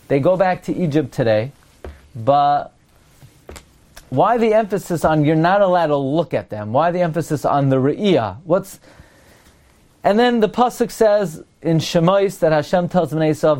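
Rabbi asking question after question. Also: male voice, sits high, darkish tone. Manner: asks rhetorical questions, quotes Hebrew verses slowly. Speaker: rabbi teaching Torah. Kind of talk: Torah class.

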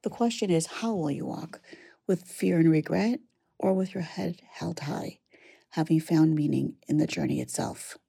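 A woman giving a measured, reflective study lesson, weaving Hebrew verses into English explanation. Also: deep voice, creaky, warm tone, slightly rough, dry recording, clean studio sound. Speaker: Torah study teacher.

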